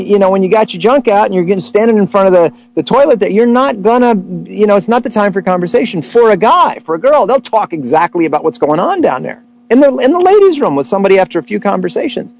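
A man hosts a casual talk, telling anecdotes in an animated way and jumping into voices for the people he quotes. His voice sits a little high for a man. The recording sounds dull and lo-fi. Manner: animated storyteller, acts out quotes. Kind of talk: casual chat about relationships.

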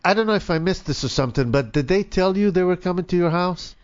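A woman's voice: on the low side, lively intonation, fast talker, a little mellow. A woman hosting a casual chat, listening closely and asking short follow-up questions. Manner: attentive, brief reactions and questions. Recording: dull lo-fi sound.

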